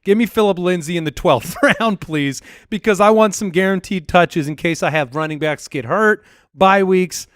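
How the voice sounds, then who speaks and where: A man with a smooth, clear voice, slightly higher than most, co-hosts a sports podcast. He argues his picks eagerly over a dry, close mic. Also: fairly bright tone, dry recording. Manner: eager, quick debating. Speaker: podcast co-host. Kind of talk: casual sports chat.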